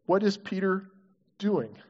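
Guy preaching a sermon, kinda high voice, muffled recording. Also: slow. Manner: asks the congregation questions, animated and earnest. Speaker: pastor. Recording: dull lo-fi recording.

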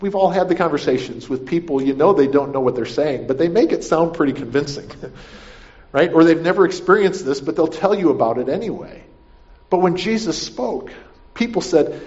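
A man's voice: fairly high pitch, lively intonation, moderate pace, darkish tone. A man preaching a conversational sermon, often asking "right?" and repeating himself as he explains the passage. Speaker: pastor. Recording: dull lo-fi recording.

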